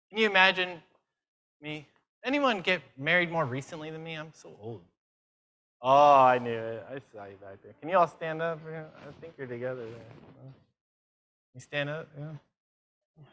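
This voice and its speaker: Brisk bright-voiced man preaching. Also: a little high. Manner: lively, fires questions at the audience; self-mocking asides. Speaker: conference speaker. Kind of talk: conference sermon.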